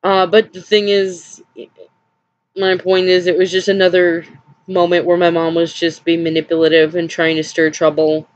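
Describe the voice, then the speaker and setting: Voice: mid-range voice, level tone, moderate pace, highs cut off. A vlogger telling a personal story in a rambling, hesitant way, with nervous little laughs, sounding upset and drained.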